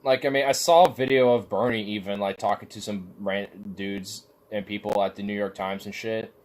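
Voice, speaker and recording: Rambling, cursing man with a low voice. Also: steady tone, normal speed, darkish tone. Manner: profane, rambling, heavy use of filler "like". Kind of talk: casual rant.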